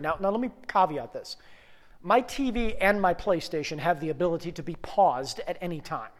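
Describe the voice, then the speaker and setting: A man in his thirties preaching a sermon, telling personal stories with lively bursts and soft, hushed prayer. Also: high-pitched. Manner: animated storytelling, rising to loud bursts and dropping to soft prayer. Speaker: pastor. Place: church sanctuary. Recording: long reverb of a church hall.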